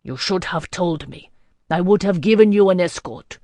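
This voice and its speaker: A woman narrator lowers into a stern male warlord from a storybook fantasy. He speaks impassively, in measured and formal phrases, and expects to be obeyed. The voice sits dry and close to the mic. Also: dark tone, no room sound, natural voice. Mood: curt.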